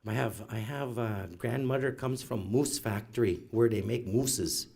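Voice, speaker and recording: A man's voice: mid-range voice, measured pace, gravelly. A middle-aged man, telling funny personal stories at an event and acting out his relatives' voices. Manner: animated, acts out relatives in quoted voices. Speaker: storyteller at a graduation event. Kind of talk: humorous personal storytelling. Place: event hall.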